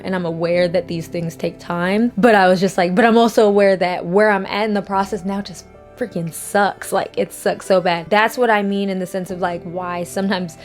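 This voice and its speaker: A young woman vlogging to camera, speaking candidly and rambling, fighting back tears at times, acting out quotes in animated voices. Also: mid-range voice. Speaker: YouTuber. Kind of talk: casual vlog talk to camera.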